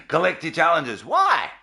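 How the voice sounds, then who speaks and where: Sarcastic gaming host, man, bright gravelly voice with a lively swing. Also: fairly high pitch. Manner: sarcastic, mocking, laughing often. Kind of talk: gameplay commentary.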